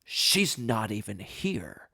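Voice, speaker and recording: A man's voice: on the low side, sing-song, slow pace, vocal fry, bright, forceful tone, slightly rough, no room sound, studio quality, exaggerated voice. A man voicing a stern, humorless old male judge who speaks curtly and impatiently. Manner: curt, impatient.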